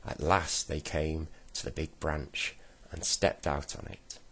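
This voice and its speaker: A man with a very deep, husky voice reads a children's story aloud at an unhurried pace. His delivery stays gentle and measured. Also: level tone. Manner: slow, gentle storybook reading with voiced characters. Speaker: reader. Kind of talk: reading a children's book aloud.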